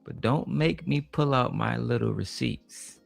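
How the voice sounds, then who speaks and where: A man's voice: mid-range voice, a little slow, gravelly. A man with a mid-range voice hosts a casual stream, trash-talking in a brash, cursing style. Faint music plays underneath. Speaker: livestream host. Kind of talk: casual debate stream chat.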